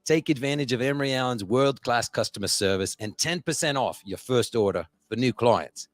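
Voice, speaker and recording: A man's voice: sits low, dry recording, studio quality. A man putting on a jokey foreign accent to read an ad in a playful, exaggerated way. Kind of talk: comic ad read.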